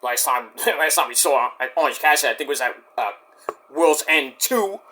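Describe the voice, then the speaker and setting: Excitable man with a bright, lively voice. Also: on the high side, normal speed. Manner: excitable, swears, mimics wrestlers' promos. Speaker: wrestling show reviewer. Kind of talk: casual live-watch commentary.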